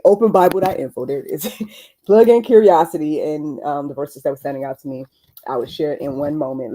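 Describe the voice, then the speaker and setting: Chatty and lively, this young woman hosts a casual faith livestream with a low-sitting voice, laughing frequently and using plenty of verbal fillers.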